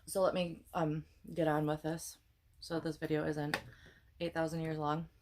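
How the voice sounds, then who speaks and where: Low-voiced Wisconsin woman rambling while cooking. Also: flat delivery, normal speed, background noise. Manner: rambling, chatty, self-deprecating, swears casually. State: pregnant and tired. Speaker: cooking vlogger. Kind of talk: casual chat while cooking.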